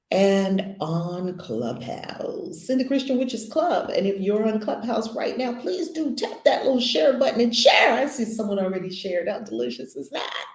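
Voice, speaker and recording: Woman leading spiritual lesson, repeats stuff slow n emphatic, mid pitch, roomy sound. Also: a little mellow. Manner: emphatic, repeats phrases slowly word by word. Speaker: spiritual teacher.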